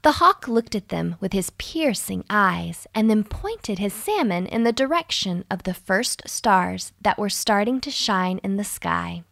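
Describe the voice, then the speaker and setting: A woman narrating a children's bedtime story slowly and soothingly, with a slight gravelly edge. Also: no echo, clean studio sound. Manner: slow and soothing with lively pitch.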